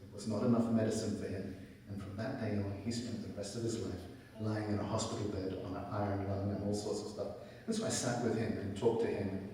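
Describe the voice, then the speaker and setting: A middle-aged man telling a personal story in a relaxed, conversational way at a spiritual center, often quoting himself. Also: lowish voice, fairly quick. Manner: conversational storytelling, quotes himself in lively asides. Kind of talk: personal testimony talk. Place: large hall at a spiritual center. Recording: echoey hall, mic from far off.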